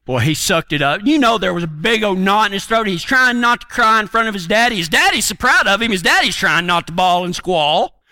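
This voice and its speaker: Brief: middle-aged male preacher, folksy and earnest, high bright voice, dry close sound. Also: animated, brisk, no room sound. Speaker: preacher and horseman. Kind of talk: folksy sermon storytelling.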